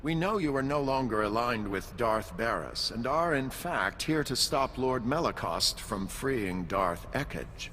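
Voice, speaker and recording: Game role: a dignified Jedi Master, measured and formal, bright tone, lively pitch. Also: male voice, in a large hall, a little hiss or hum. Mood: calm. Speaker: video game character.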